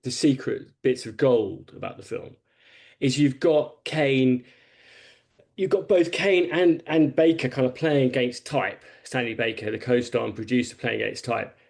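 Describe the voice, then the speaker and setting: A man's voice: mid-range voice, animated, normal speed, vocal fry, darkish tone. A man on a podcast panel, telling a long film anecdote in a rambling, casual way.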